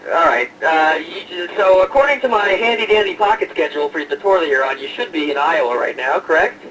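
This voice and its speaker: A man's voice: on the high side, fairly bright tone, recorded from a distance, a little hiss or hum, low-quality recording. A man hosting an online radio show, chatting casually and jokingly with lots of hesitations and fillers.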